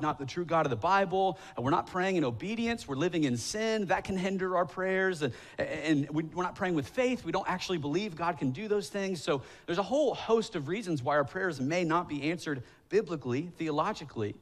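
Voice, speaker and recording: Preaching in a church sanctuary, a pastor in his thirties talks a little fast with few pauses, his voice on the high side. He tells self-deprecating stories and acts out quoted voices, building to emphatic, pleading prayers.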